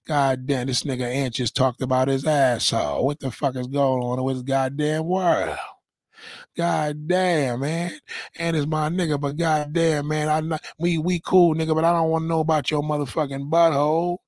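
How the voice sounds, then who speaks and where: A man ranting loudly and profanely on a livestream from home, rambling and repeating himself as he reads viewer comments. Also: on the high side, steady tone, normal speed, no room sound. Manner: loud, profane, rambling and repetitive. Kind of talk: profane casual rant. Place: at home, in a towel on camera.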